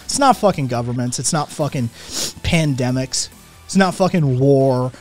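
A man's voice: mid-range voice, unhurried, darkish tone, soft background music. A man who says he is sick and in pain, ranting with constant swearing while he reads and answers his chat. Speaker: streamer. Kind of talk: ranting live stream chat.

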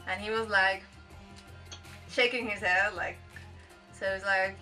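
A woman's voice: medium pitch, slow, pauses often, pushed and bright, far from the mic, faint music behind. A young woman chatting casually in a travel haul vlog, laughing at herself and acting out her bargaining. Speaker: travel vlogger.

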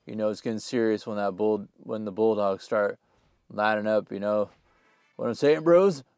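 A young man giving casual gameplay commentary, full of slang, who often bursts into loud screams and laughter. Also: on the low side, normal speed, smooth, no room sound, clean studio sound. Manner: hyped, yells and screams when excited, slangy. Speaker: gaming YouTuber.

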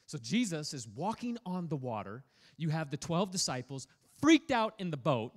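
Male pastor, energetic and playful sermon delivery, high voice with a wide, bouncing pitch. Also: moderate pace. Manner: energetic, playful, prods the audience for feedback.

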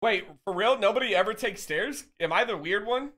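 A man's voice: high voice, animated, a little fast, pushed and bright. A male streamer in casual chat with his viewers, joking, swearing and reading their messages aloud. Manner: loose, swearing, teasing banter with chat; reads chat messages aloud and answers them.

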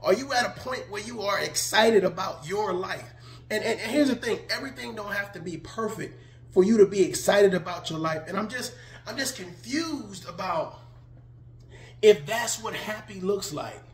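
Man with an extremely high voice, casual vlog commentator, emphatic rhetorical questioning with laughs, recorded in an echoey room. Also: expressive, normal speed. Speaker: online commentator. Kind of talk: casual video monologue. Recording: roomy echo.

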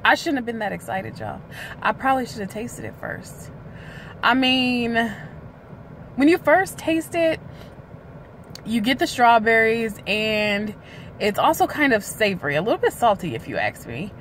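A woman's voice: a little high, sing-song, a bit bright, slight background noise. A woman chatting candidly in a casual vlog, talking to the camera from a parked car. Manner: chatty and candid, drawn-out filler sounds. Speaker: weight-loss vlogger. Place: parked car outside a hospital.

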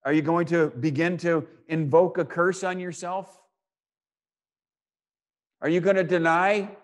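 Male preacher, sermon, scripture reading, rhetorical questions, repeats lines, slightly high voice. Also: fairly even intonation, unhurried. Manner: rhetorical questions and repeated phrases, swinging between loud and hushed.

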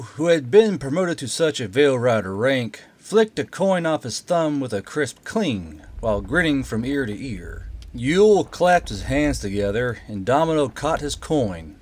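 A man reads a story aloud as narrator, keeping the telling steady and even. His voice sits in an ordinary middle register for a man. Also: medium pitch. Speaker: audiobook narrator. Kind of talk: scripted narration.

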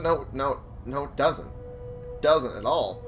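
A man's voice: medium pitch, unhurried, soft background music. Casual swearing let's-play man. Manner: casual, swearing, laughing to himself. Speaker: gamer.

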